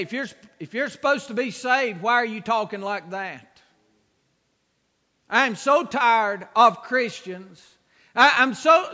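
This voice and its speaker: A man preaching a sermon with emphatic, repeated exhortations that swell into shouts. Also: very high voice, in a large hall.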